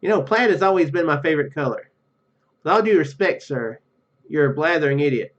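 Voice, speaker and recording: A bumbling kilted ship engineer from a comedy video game speaks in a thick, overdone Scottish brogue, as a man puts it on. The voice sits a little high. The audio is dull and lo-fi. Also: expressive, a little fast, close to an everyday voice. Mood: indignant. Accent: put-on Scottish.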